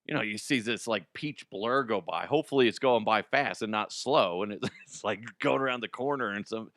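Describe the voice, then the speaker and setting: A man hosting a radio show, riffing on odd news stories in a loud, crude and profane way. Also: on the low side, moderate pace, hardly any pauses, no room sound, clean studio sound. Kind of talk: crude comedic news talk.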